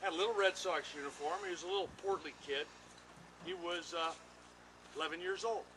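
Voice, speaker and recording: An older man and retired pitcher, an interviewee who tells casual stories in an animated way and acts out what other people said. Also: brisk, a little hiss or hum, low-quality recording. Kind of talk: casual anecdotal storytelling. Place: home bat workshop.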